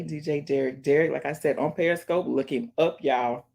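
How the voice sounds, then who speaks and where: Chatty woman vlogger doing shout-outs. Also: deep voice, moderate pace, gravelly. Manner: chatty and emphatic, keeps addressing viewers as y'all; preachy, urges viewers to pray and support others. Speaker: vlogger, channel host. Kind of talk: casual chat, giving shout-outs. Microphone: earphones in, listening to music while talking.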